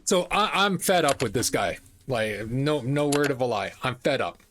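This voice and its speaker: A man's voice: mid-range voice, expressive, normal speed, very noisy. A middle-aged man from Alberta, telling a personal story in a casual, indignant and profane way. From Alberta, Canada. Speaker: channel host.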